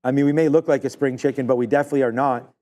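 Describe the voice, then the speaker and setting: A man hosting a live trading stream, giving rambling, excitable market commentary full of fillers. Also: mid-range voice, very fast.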